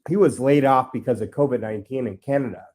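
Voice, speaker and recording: A man's voice: medium pitch, fast, a little mellow. A man talking as a podcast guest, rambling and aggrieved, swearing freely. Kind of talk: ranting podcast talk.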